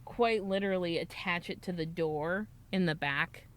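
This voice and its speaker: Young female podcast co-host, smooth clean tone, casual rambling storyteller, swears a lot. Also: lowish voice, normal speed, a bit bright. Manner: rambling, swears freely, laughs often. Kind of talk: casual chat.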